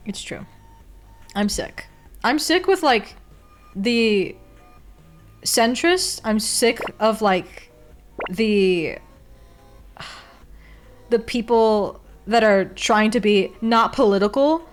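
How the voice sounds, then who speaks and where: A young woman streamer chatting casually while drawing, blunt and candid, swearing freely and laughing often. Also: mid-range voice.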